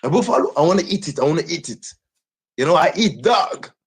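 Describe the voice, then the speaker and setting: A Nigerian man talks fast on a live stream, boasting and repeating his words over and over. His voice is a little high, with big swings in pitch.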